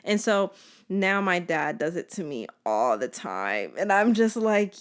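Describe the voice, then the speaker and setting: A young woman in her twenties talks through a relaxed solo podcast episode. Her pitch sits in a middle range, and her delivery is loose, playful and sarcastic, full of filler words and teasing asides. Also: moderate pace. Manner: playful, sarcastic, heavy use of "like". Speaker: podcast host. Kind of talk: casual solo podcast chat.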